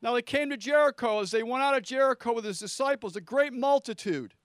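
A man preaching a sermon to a large church, swinging from quiet prayer to shouted lines. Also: very high-pitched, brisk, no echo, studio quality. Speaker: pastor. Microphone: handheld microphone.

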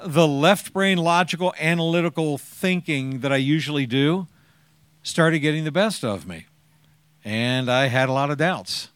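A man's voice: a little high, measured pace, a bit bright, smooth, no echo. A man in his sixties sharing his personal testimony with an audience, as a chatty, joking storyteller who acts out the lines he quotes.

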